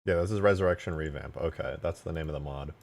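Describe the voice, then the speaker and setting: A man live-streaming, chatting casually and excitedly with his viewers while eating and reacting to videos. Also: extremely low pitch, fast talker, creaky. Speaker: livestreamer reacting to game mod videos.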